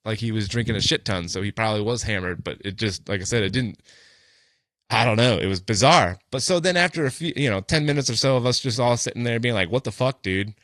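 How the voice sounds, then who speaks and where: Podcast co-host, male, casual storyteller with a bright, forceful voice and a dry, close sound, rambling and swearing freely with plenty of "like" and "you know". His pitch sits in the ordinary middle range. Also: quick pace, dry recording. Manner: loose and profane, with many fillers like "like" and "you know".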